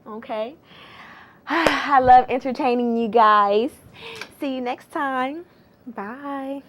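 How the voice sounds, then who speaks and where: A woman's voice: high voice, slow, a bit bright. A woman hosting a casual gossip vlog, chatty and sassy, with slangy, exclamatory asides. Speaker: entertainment gossip host.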